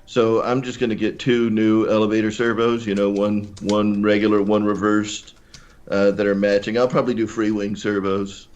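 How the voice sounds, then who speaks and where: A man appearing as a guest on a casual livestream, speaking in a relaxed, matter-of-fact way as he talks through a repair plan. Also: lowish voice, moderate pace. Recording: dull lo-fi remote line.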